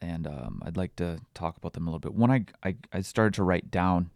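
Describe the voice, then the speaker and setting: A man in his thirties talks on his own in a confessional podcast monologue. His voice sits fairly low, and the recording is close and dry. He speaks candidly and reflectively, halting often with fillers and restarts. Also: dry recording. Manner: quietly emotional, reflective. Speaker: parenting podcast host.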